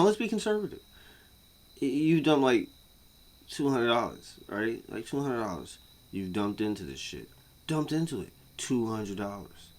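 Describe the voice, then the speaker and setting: Animated, bright-voiced male ranter. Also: fairly low pitch. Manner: profane, repetitive, swings from muttering to yelling. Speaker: vlogger. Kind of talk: casual rant to camera.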